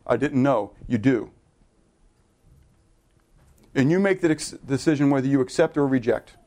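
A middle-aged man preaching a sermon, animated and conversational, asking the congregation to answer and correcting himself in loose asides. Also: mid-range voice, normal speed. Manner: animated preaching with audience call-and-response. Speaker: pastor.

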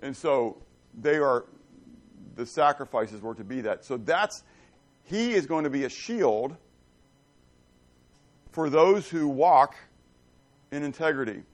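Middle-aged male pastor, folksy conversational preacher, mid-pitched voice. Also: expressive, slow, long pauses. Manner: folksy storytelling, asks the congregation questions. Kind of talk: conversational sermon.

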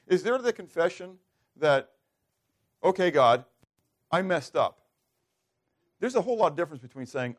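In a slightly high, sing-song voice at normal speed, a male pastor preaches with frequent pauses. He asks his congregation questions and acts out quoted prayers.

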